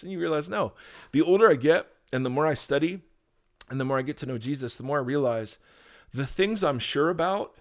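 A man's voice: mid-range voice, fairly quick. A man co-hosting a talk show, explaining faith in an earnest, preachy way with frequent restarts. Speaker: podcast co-host, pastor. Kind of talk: casual conversational teaching.

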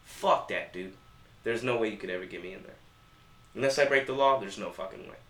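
A man's voice: lowish voice, a little fast, fairly bright tone. A man co-hosting a podcast in casual chat, blunt and profane, hammering his points with emphasis. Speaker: podcast co-host. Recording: roomy with faint noise.

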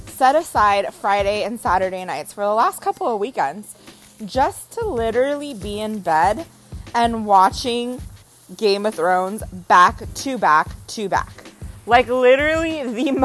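A woman's voice: a little high, poor audio. A young adult woman vlogging in a casual, dramatic storytelling manner. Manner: dramatic, animated storytelling with acted quotes. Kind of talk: casual chat to camera.

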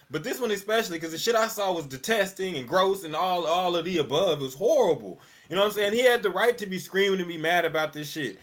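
Casting note: fired-up male podcaster, high bright voice, swears freely, hammers points by repeating. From American South. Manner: profane, emphatic, repeats himself. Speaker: podcast co-host. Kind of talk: heated casual podcast rant.

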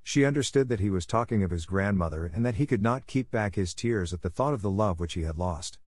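A man reading a classic children's story aloud as narrator, in a measured, even storytelling manner. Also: lowish voice, dry recording. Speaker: audiobook narrator. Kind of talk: storybook reading for English listening practice.

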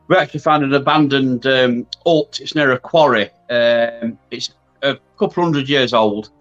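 A man's voice: medium pitch, fairly bright tone. A man hosts a casual paranormal chat, rambling and tagging his points with questions. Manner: chatty, trailing, asks for agreement with tag questions. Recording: slightly dull, lo-fi sound.

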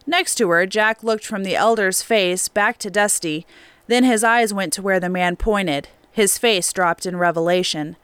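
Smooth-voiced woman narrating an audiobook. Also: mid-range voice, a little slow, fairly bright tone, no echo. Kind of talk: scripted narration. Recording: clean dry studio recording.

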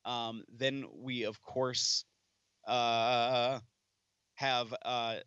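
A man co-hosting a casual wrestling podcast, teasing his partner with quick asides and lots of fillers. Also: medium pitch, level tone, fairly bright tone, clear, resonant tone, no room sound, muffled recording. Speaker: podcast co-host.

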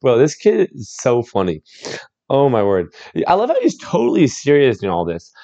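A man's voice: mid-range voice, huge pitch swings, normal speed, dark tone, muffled recording. A man hosting a reaction video, chatting casually, often laughing and repeating exclamations.

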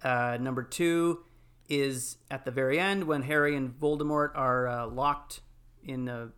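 A man's voice: medium pitch, measured pace. Chatty man recounting film scenes. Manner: animated storytelling, fillers. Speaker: podcast panelist. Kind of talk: casual chat.

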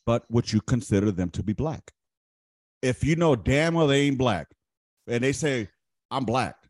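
A man's voice: mid-range voice, expressive, normal speed, a little mellow, no echo, clean studio sound. A man hosting a podcast, chatting casually in a blunt, profane, questioning way. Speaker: podcast host. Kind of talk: casual chat.

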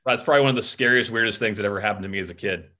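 A middle-aged man from Florida, a film director guest, telling a rambling, animated story in a casual interview. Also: lowish voice, rapid-fire. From Florida, USA.

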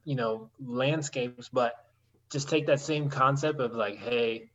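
A man's voice: mid-range voice, slow, fairly bright tone, muffled recording. A man co-hosting a podcast in casual chat, talking in a rambling, sarcastic way with many restarts.

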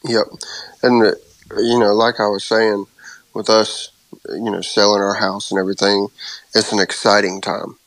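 A man in his thirties in a casual faith chat, speaking haltingly and openly about his worries, anxious. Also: on the low side, little pitch movement, a bit bright, no echo, poor audio. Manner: halting, open about worry. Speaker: co-host.

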